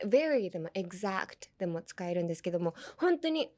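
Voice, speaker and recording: A young podcast host teaches English through anime lines in a casual bilingual chat, switching between English and Japanese and laughing often. Her voice is lowish and a little mellow, sing-song and very fast.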